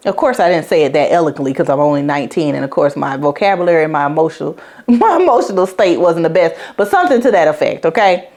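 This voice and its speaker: A woman's voice: lowish voice, animated, quick pace, a little mellow. A woman hosting a podcast, telling a personal story in a frank, chatty way and speaking straight to her listeners. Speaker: podcast host.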